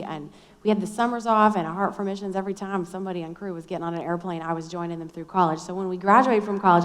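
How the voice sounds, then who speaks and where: A middle-aged woman telling a personal story in a chatty, self-deprecating way at a Christian conference. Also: medium pitch. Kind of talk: storytelling sermon talk. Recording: long hall reverb.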